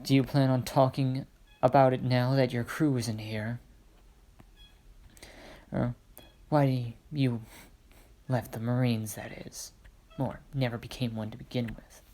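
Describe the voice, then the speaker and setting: Man reading an older admiral in a fan story; flat, gravelly delivery. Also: medium pitch, a little slow, long pauses, natural voice. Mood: probing. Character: calm older male navy admiral.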